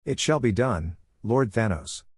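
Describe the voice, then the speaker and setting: A man voicing a loyal, scheming male henchman in a fan story reading, low-pitched and dry. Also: animated, unhurried, husky, dry recording, full character voice. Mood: confident.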